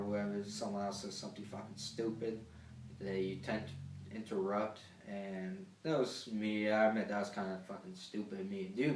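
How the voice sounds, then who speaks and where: Teen boy vlogger, low voice, rambling and swearing, echoey room, off-mic. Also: recorded from a distance. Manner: rambling, heavy swearing, frequent fillers. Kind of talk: casual ranting storytime.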